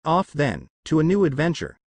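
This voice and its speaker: A man's voice: on the high side, huge pitch swings, normal speed, vocal fry, no room sound, heavily acted. A man voicing a brash, cheerful young male ninja who talks in a boisterous, bragging way. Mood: boastful.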